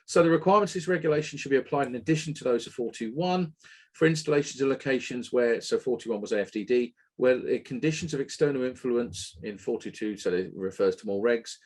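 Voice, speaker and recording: A man with a slightly husky voice hosts a casual technical webinar. He talks in an opinionated, animated way and drops the odd swear word. He sits at a mid pitch for a man. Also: fast talker. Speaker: webinar host.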